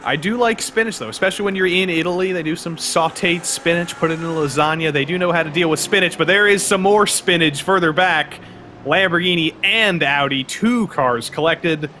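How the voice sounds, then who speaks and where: A man's voice: on the high side, fairly quick, bright, forceful tone. Chatty racing co-commentator man. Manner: chatty, playful, tangents. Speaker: race commentator. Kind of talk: sim racing color commentary. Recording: background race car noise.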